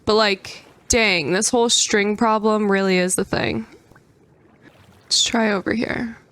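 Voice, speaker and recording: A young adult woman giving gameplay commentary, excitable and prone to squealing outbursts. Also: mid-range voice, measured pace. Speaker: gaming creator.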